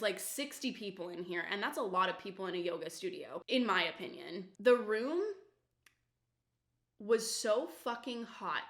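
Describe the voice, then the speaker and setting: A woman's voice: mid-range voice, pushed and bright. A young woman vlogger telling a story while doing her makeup, casual, full of fillers and swearing. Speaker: beauty vlogger. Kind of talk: chatty get-ready-with-me storytime. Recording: roomy echo.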